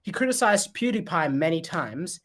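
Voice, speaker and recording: A man co-hosting a podcast, talking casually with hesitant restarts and throat clearing. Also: fairly high pitch, expressive, moderate pace, fairly bright tone. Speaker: podcast co-host. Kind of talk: casual chat.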